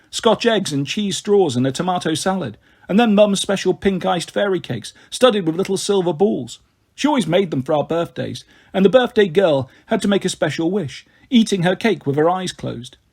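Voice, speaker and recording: A man reading a children's novel aloud in a steady, expressive way. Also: high-pitched, moderate pace. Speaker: storyteller.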